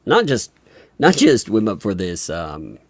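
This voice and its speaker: A man's voice: fairly low pitch, huge pitch swings, slow, no echo. A man hosting an interview, talking conversationally and encouraging his guest. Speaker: host. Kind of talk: casual interview.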